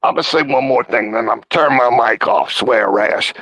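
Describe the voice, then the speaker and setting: Brief: male debate guest, forceful bright voice, dry close sound, folksy and rambling. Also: medium pitch, normal speed, dry recording, poor audio. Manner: rambling and folksy, with casual swearing. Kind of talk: casual live-stream debate.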